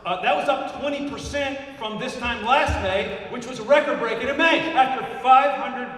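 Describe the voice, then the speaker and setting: A man's voice: extremely high pitch, normal speed, pushed and bright. An older man giving an emphatic motivational speech to a live audience, punching and repeating key numbers. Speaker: motivational speaker. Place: large hall. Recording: echoey hall recorded from far off.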